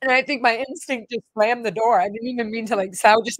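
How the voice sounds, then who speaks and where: A woman's voice: on the high side, fairly even intonation, brisk, hardly any pauses, no echo, rough recording. A woman hosting her own vlog, telling a personal story in a rambling, emotional way with many fillers and restarts. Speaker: vlog host.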